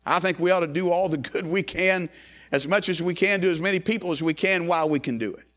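A man preaching a sermon, swinging from loud rising calls to hushed low phrases and repeating lines in a building cadence. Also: fast talker.

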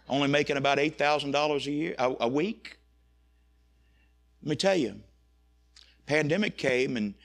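A man's voice: mid-range voice, vocal fry, a bit bright. A man preaching a sermon, telling folksy stories and rising into impassioned preaching.

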